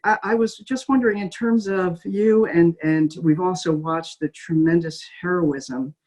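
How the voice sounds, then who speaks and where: A middle-aged woman hosting an interview, speaking haltingly with many fillers and restarts. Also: on the low side, a little mellow, poor audio. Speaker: interviewer host. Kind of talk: video call interview.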